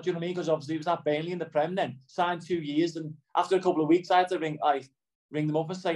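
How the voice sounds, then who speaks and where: Racing along in a fairly high, slightly mellow voice with a steady tone, a middle-aged footballer from Liverpool rambles in a casual interview. He often asks "do you know what I mean", and the audio is poor.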